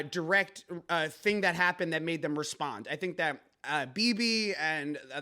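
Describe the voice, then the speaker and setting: A man's voice: on the high side, sharp tone. A man hosting a comedic news podcast, rambling and joking with many fillers and restarts. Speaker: podcast host.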